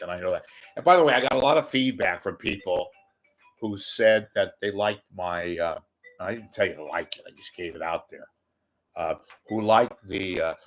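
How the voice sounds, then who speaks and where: A man's voice: on the low side, a bit bright. A man hosting a rambling, self-mocking livestream monologue, often repeating words as he talks close to his webcam. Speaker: livestream host. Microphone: webcam close to face.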